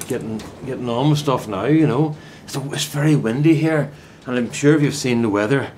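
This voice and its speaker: A man's voice: medium pitch, a little mellow, a little hiss or hum. An older man, chatting casually to camera in a meandering, friendly way while working outdoors in a vegetable plot. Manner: meandering, chummy, many restarts and asides. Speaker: gardening vlogger. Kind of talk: casual rambling chat to camera.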